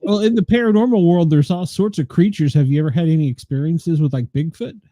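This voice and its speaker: A man's voice: on the high side, fast, mellow, no echo. A man co-hosting a casual interview, asking curious follow-up questions. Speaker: podcast co-host.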